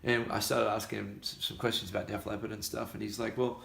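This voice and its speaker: A man's voice: lowish voice, level tone, fast talker, creaky, fairly bright tone. An Australian man, a musician, chatting casually and animatedly telling a story, acting out the voices of the people in it. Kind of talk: casual chat. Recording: echoey room.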